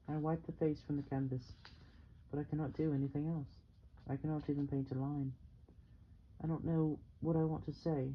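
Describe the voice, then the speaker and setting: A man narrating a novel in the first person, with a steady, measured delivery. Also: a little high, highs cut off, a little hiss or hum. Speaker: audiobook reader.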